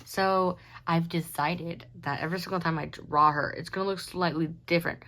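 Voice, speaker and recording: With a lowish, steady, slightly bright voice at normal speed, a young woman artist casually walks through her sketchbook. She rambles and giggles, mocks herself, and sounds sleepy, with yawns slipping in.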